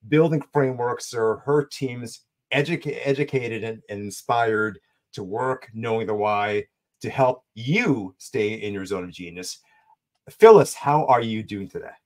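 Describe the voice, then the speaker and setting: In an unhurried, medium-pitched voice, a man hosts a podcast interview. He is enthusiastic and affirming toward his guest, and his questions run long and rambling.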